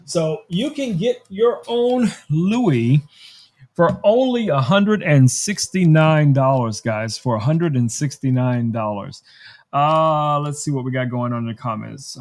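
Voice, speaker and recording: A man hosting a casual live-stream tech demo from his studio, chatty and thinking aloud as he works. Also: mid-range voice. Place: home studio.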